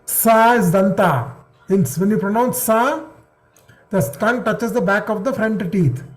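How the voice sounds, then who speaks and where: Teaching an online class, a man drills pronunciation, patiently repeating syllables and checking that his students follow along. His voice sits high and moves a little slowly.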